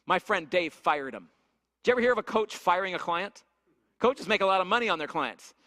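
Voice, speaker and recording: Teaching a church leadership workshop in an echoey church hall with long reverb, a man tells stories and fires questions at the audience with lots of energy. His high-pitched voice sounds pushed and bright, with lively intonation and a fairly quick pace.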